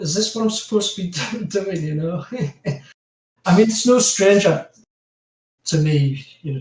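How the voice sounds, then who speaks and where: A man's voice: a little high, dark tone. A man with a strong Geordie accent chatting as a podcast guest, rambling with lots of fillers and frequent laughs. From North East England. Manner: rambling, laughs often, many "you know" fillers. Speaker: podcast guest, graphic designer. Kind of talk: casual chat. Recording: roomy, distant from mic.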